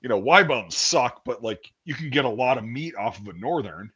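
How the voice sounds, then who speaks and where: Thirties dude rambling and swearing, voice bounces all over, kinda dull lo-fi sound. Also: male voice, medium pitch, expressive, moderate pace, bright, forceful tone, slightly rough. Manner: rambling, profane storytelling. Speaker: podcast host. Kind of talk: casual chat.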